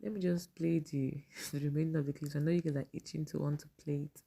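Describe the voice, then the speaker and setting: Low, gravelly Nigerian woman chatting. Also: steady tone, fast, mellow. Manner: chatty, laughs often, mixes in pidgin. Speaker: vlogger. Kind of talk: casual commentary reading fan posts.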